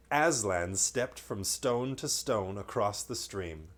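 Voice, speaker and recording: A man's voice: lowish voice, lively intonation, slow pace, a bit bright. Male storyteller for a bedtime reading; reads steadily, drops in light jokes. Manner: reads aloud, breaking off for playful joking asides.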